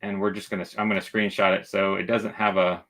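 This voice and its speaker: Man, livestream host, bright voice, chatty, reads comments, dad jokes. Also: low voice, little pitch movement, a little fast. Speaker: travel channel host. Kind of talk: casual livestream chat.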